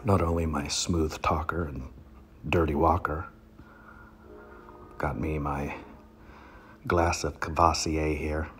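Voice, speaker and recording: A man's voice: a bass voice, little pitch movement, slow pace, long pauses, soft background music. A man giving a comedic poetry reading, mock-pompous and rambling, often dropping into whispers.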